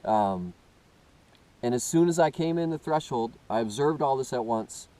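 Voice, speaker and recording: A man earnestly telling a first-person story, halting and often restarting as he searches for words. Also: medium pitch, lively intonation, mellow, rough recording. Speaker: personal testimony speaker.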